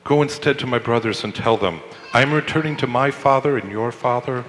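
A man voicing a calm, tender teacher figure in a measured, gentle reading, in a reverberant hall. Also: mid-range voice, a little hiss or hum, close to an everyday voice.

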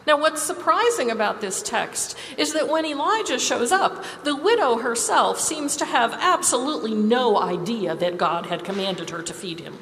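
A woman preaching a sermon, telling stories in a measured, expressive way. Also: on the high side, slight background noise. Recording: reverberant hall with faint ambience.

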